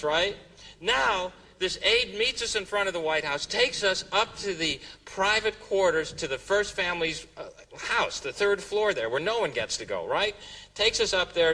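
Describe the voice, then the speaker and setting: A man telling a comic story on stage as a stand-up comedian, jumping into high squeaky voices for quoted exclamations. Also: sharp tone. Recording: distant mic, noisy room ambience.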